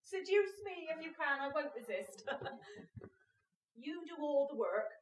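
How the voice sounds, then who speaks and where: A woman's voice: sits high, very animated, a little slow, a little hiss or hum. A woman acting a maid who plays a coy grand lady, arch and teasing, in a stage comedy. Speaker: amateur stage actor. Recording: roomy stage sound from far off.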